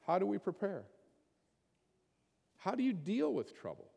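A man's voice: sits high, wildly swooping pitch, a little slow, gravelly, pauses often, dark tone, husky, in a large hall. A man preaching a sermon in a conversational way, often putting questions to his listeners. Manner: conversational, asks the congregation many questions. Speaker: pastor.

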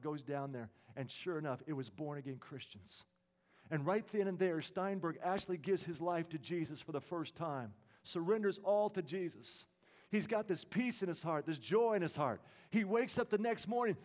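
Man preaching a hushed, dramatic sermon story. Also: fairly high pitch, normal speed. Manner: dramatic storytelling, dropping to a hush at emotional peaks.

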